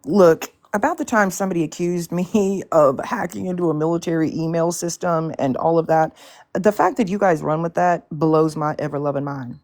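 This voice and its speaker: A woman's voice: fairly low pitch, normal speed, a little mellow. A woman hosting a live stream in casual chat, ranting bluntly and swearing often in exasperation.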